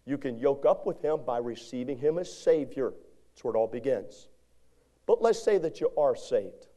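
A male pastor preaching a sermon in a church, animated, moving from shouts to hushed lines and calling out to the congregation. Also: medium pitch, normal speed. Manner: call-and-response exhortation to congregation. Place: church sanctuary.

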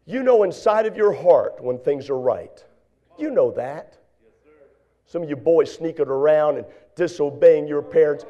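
A pastor preaching a sermon in church, swinging from hushed, quiet lines to shouted, fervent exhortation. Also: male voice, fairly high pitch, expressive, a little slow, highs cut off.

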